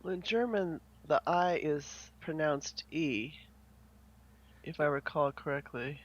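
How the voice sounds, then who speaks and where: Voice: mid-range voice, measured pace. A co-host on a live online game tour, chatting and welcoming viewers in a playful, upbeat way. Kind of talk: casual chat on a live stream. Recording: dull lo-fi audio.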